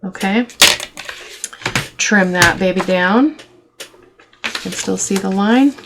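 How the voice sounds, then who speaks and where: A middle-aged woman hosts a casual craft tutorial, chatty and affectionate, thinking aloud with fillers as she works. Her mid-range voice moves at a slow pace over heavy background noise.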